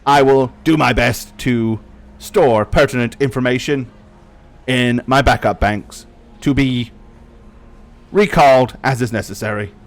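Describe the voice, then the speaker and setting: A man's voice: medium pitch, a little slow, pauses often, close to an everyday voice. A man voicing a prim, formal male protocol droid who speaks with stiff politeness and precise diction. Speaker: droid character voiced by the game master.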